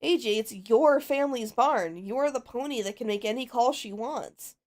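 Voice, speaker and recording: A woman's voice: a little high, moderate pace, a little mellow, lightly acted. A woman voicing Rainbow Dash, a blunt, worn-out tomboy mare pony, while role-playing a game. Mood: weary. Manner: blunt, weary.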